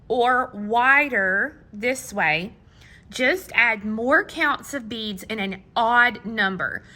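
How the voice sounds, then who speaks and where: A middle-aged woman teaching a hands-on beading tutorial, patient and step by step, sometimes counting beads quietly to herself. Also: on the high side. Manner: slow, patient, counting beads under her breath. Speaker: beading instructor.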